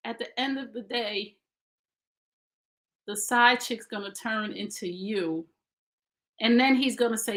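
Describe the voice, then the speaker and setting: A woman's voice: on the high side, measured pace, pauses often, fairly bright tone. A woman in her fifties giving blunt, preachy relationship advice in a casual live stream, speaking straight to her viewers. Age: 50s.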